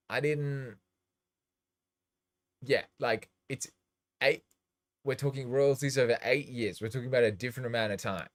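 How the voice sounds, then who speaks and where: A man's voice: mid-range voice, unhurried, pauses often. A man hosting a DJ livestream, chatting in a rambling, loose way and swearing casually. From Australia. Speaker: DJ and livestream host.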